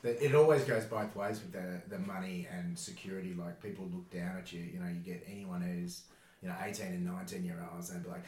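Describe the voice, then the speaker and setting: A very deep-voiced Australian man in his younger adult years talks in a laid-back, rambling way. He swears freely and laughs often. The room around him sounds roomy and echoey, with a faint hum of ambience behind. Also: fairly even intonation, a little fast, a little mellow. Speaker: podcast guest, former bouncer. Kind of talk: casual chat.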